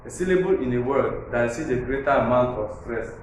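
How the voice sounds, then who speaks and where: A man's voice: mid-range voice, brisk. A man teaching a lesson, repeating his points and spelling words out letter by letter. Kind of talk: classroom lesson on syllable stress. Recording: very echoey room with faint background noise.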